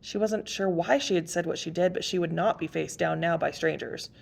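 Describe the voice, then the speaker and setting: A woman reads a novel chapter aloud in steady storybook narration. Her voice sits low and carries a noticeable gravelly fry. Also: brisk. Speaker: reader.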